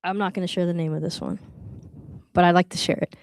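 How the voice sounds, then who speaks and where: A woman's voice: on the low side, fairly even intonation, fast talker, no room sound. Playful woman hosting a live open mic, teasing the crowd, dry close mic. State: out of breath. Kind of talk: live event hosting and poetry reading. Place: live venue with an audience.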